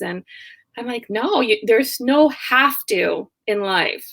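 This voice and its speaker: A young woman tells stories in a relaxed interview, slightly high-pitched and lively. She plays out both sides of each conversation, and laughs often as she goes. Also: slow pace, gravelly. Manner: laughs often while talking. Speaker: guest, online business owner. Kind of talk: casual interview storytelling.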